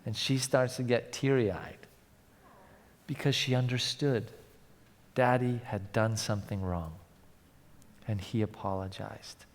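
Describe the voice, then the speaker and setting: A male pastor preaching a sermon, telling stories and swinging from loud to hushed. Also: lowish voice, steady tone, takes it slowly, long pauses. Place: large church. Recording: long church hall reverb.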